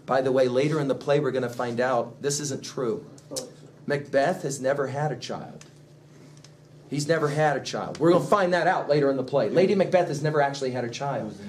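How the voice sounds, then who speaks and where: A middle-aged man giving an emphatic classroom lecture on a play, animated and quick to chuckle as he explains. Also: medium pitch, slight background noise. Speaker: literature teacher.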